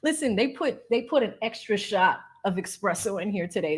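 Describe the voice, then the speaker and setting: A bubbly woman hosts a casual livestream, reading out donations and chatting about a court case. Her voice sits at an ordinary middle pitch, and she talks in an animated, friendly way, with frequent laughs between thank-yous. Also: moderate pace, breathy edge. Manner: thanks supporters warmly, explains legal points. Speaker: legal commentary livestream host.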